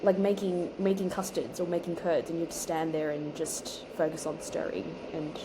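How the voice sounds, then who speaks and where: A young woman chatting casually while baking, chatty and quick to laugh, with lively emphasis. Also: sits low. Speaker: home baker and co-host. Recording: noticeable background noise.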